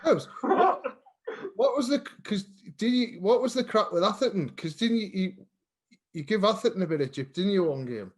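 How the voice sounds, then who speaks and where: A man's voice: high-pitched, expressive, slightly rough. A man hosting a podcast who laughs and stumbles a bit as he puts questions to his guests. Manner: slow, laughing, fumbling questions. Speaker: podcast host. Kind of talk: casual podcast chat.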